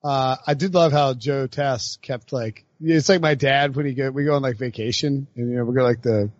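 A man's voice: mid-range voice, steady tone, moderate pace, dry recording, dull audio. A man co-hosting a casual sports podcast, rambling with lots of fillers and frequent laughs. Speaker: podcast co-host.

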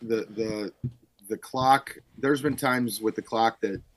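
A man in his thirties, a high school football coach, telling stories in a casual podcast chat and acting out what people said, with frequent laughs. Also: steady tone, takes it slowly, no room sound. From Illinois, Chicago suburbs. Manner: storytelling, acts out quotes loudly, laughs often.

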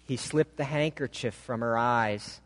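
A man preaching a sermon, telling a story in a slow, dramatic, emotive way. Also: mid-range voice, a bit bright. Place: church sanctuary. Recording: long hall reverb.

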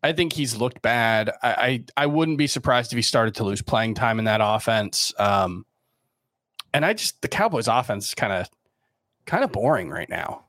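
A man co-hosting a casual podcast, giving measured analysis with stammered restarts. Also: medium pitch, lively intonation, fairly bright tone, dry recording, clean studio sound. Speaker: podcast co-host.

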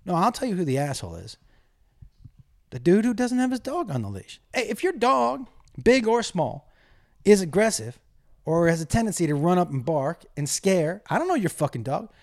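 A man's voice: high voice, sing-song, normal speed, a little mellow. A middle-aged man telling a comic rant to camera, profane and exasperated as he tells a story.

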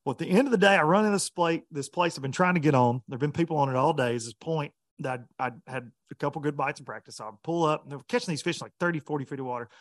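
A man, a professional bass angler, telling a story in casual chat with laughs along the way. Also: rapid-fire, few pauses, dry recording, clean studio sound.

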